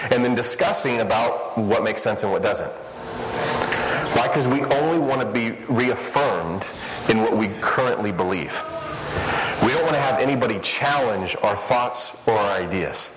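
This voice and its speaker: A man's voice: medium pitch, moderate pace, music in the background. A man preaching a sermon to a live congregation, telling self-deprecating stories with jokes. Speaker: pastor. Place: large church hall, live before congregation. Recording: reverberant hall with ambient noise.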